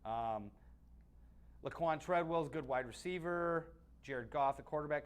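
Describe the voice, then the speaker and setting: A man's voice: on the high side, a little slow, clean tone. A man co-hosting a sports webcast, giving blunt opinions on football in casual talk that is full of restarts. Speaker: sports analyst co-host.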